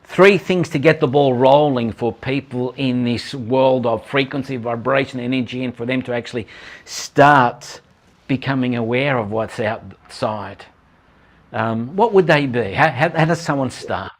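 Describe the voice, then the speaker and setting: A man hosts a conversational interview with a middle-pitched voice. He is encouraging and often agrees with short interjections before he asks his guest for tips. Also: measured pace. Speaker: interview host.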